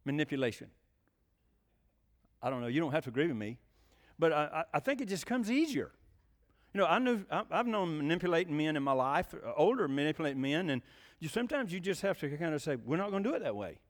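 A man's voice: a little high, big pitch swings, fast, pauses often. An older man preaching a sermon in a folksy way, often asking the congregation questions.

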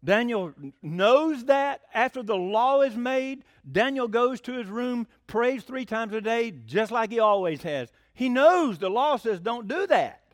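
Male preacher, high-pitched, folksy and excitable, close dry recording. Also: a little slow, few pauses, no room sound. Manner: excitable, rising to near-shouting, rhetorical questions; folksy, plain-spoken. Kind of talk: sermon.

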